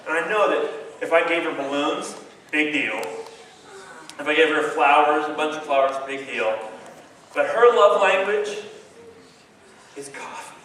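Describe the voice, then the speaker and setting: A man giving an animated, joking talk to a young audience as a youth speaker, playing to the crowd. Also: a little high, normal speed, slight background noise. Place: large hall with a live audience. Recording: echoey hall from far off with a crowd. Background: crowd of kids reacting.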